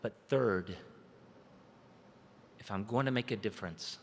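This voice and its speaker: A man giving a dramatic personal storytelling speech at a training event. He tells it vividly, swinging between urgent, loud passages and hushed, slow ones. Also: on the low side, vocal fry, slight background noise. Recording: echoey hall with long reverb.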